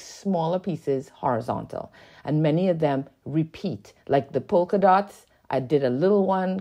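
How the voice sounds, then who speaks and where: Female art creator with a deep, low voice, relaxed and explanatory, talks viewers through her collage work. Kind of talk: casual art tutorial narration.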